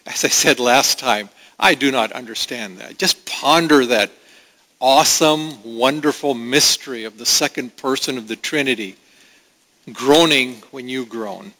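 A man preaching a sermon as pastor, earnest and conversational, with halting restarts. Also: medium pitch, bright, forceful tone. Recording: long hall reverb.

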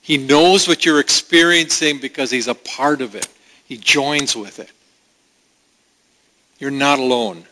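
A man's voice: medium pitch, unhurried, long pauses, pushed and bright, a little hiss or hum. A man preaching a sermon in an earnest, conversational way, with asides to the congregation. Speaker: pastor. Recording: long reverb of a large hall.

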